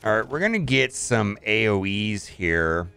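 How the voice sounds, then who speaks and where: A man's voice: on the low side, very animated, unhurried, gravelly, sharp tone, clear, resonant tone, faint music behind. Chatty man narrating his mobile gameplay. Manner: chatty, thinks aloud, frequent restarts. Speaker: mobile game player. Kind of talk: casual gameplay commentary.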